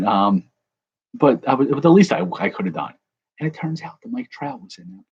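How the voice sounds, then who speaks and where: A man rambles and cracks jokes as he opens baseball card packs for his viewers. His voice sits low but swings widely in pitch. The recording is dull and lo-fi, with a faint hum of room ambience behind him. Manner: jokey, rambling, talks to viewers. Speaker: card-breaking vlogger. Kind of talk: casual card-opening commentary.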